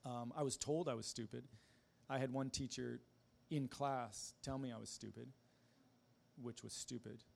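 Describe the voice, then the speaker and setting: A man giving a personal testimony in a casual, halting way, with many fillers, restarts and self-deprecating laughs. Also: medium pitch, steady tone, creaky, a little hiss or hum.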